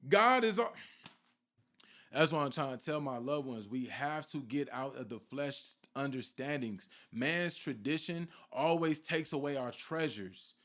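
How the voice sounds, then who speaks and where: A man's voice: medium pitch, lively intonation, unhurried, fairly bright tone. A man preaching an informal sermon with fervour, firing rhetorical questions at his listeners and repeating a question for emphasis.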